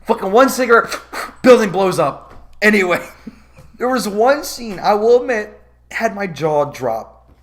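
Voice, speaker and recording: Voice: medium pitch, a little slow, long pauses. A vlogger ranting about a movie in a casual comedic review, swearing often and laughing. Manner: profane, animated, laughing.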